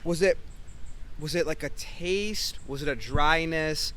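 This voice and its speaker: Bright-voiced curious male co-host. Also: a little high, takes it slowly, a little hiss or hum. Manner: curious, probing follow-up questions. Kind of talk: casual interview chat.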